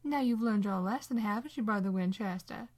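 A woman doing a gentle, teasing old blind woman. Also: medium pitch, fairly quick, close to an everyday voice. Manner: fond, teasing, motherly.

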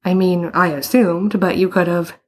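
A woman's voice: fairly low pitch, steady tone, moderate pace, darkish tone, breathy edge. A woman voicing a blunt, reasonable young man in a story, speaking in a matter-of-fact, probing way. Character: blunt, reasonable older brother Edward.

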